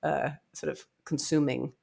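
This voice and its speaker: A woman's voice: sits low, little pitch movement, a little slow, creaky, a little mellow, husky. A woman co-hosting a casual book club podcast, thinking aloud in a rambling way with many "likes". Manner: thoughtful, rambling, hedging with "like".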